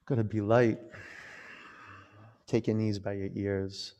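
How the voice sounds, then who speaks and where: A man teaching a yoga class, calling out poses and chatting in a relaxed, rambling way between cues. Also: on the low side, slow pace, long reverb tail, highs cut off.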